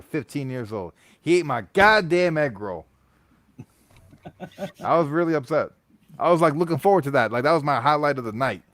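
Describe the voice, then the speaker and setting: A young man in a casual chat, easygoing and quick to laugh as he tells a story. His voice sits in a middle pitch and sounds close and dry, with no room around it. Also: dry recording. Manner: laid-back storytelling, laughs often. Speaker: podcast co-host.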